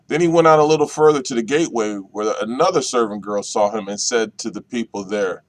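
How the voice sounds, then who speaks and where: A minister reading scripture aloud and explaining it verse by verse, with slow, deliberate delivery and repeated key phrases. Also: male voice, medium pitch. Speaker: minister leading Bible study.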